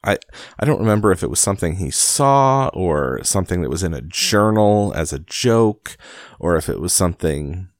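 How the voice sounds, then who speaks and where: A man's voice: low voice, animated, moderate pace, no echo, studio quality. A man hosting a casual podcast, reading a book aloud at home in his basement late at night and rambling with a self-deprecating, laughing manner. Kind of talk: casual storybook reading and chat.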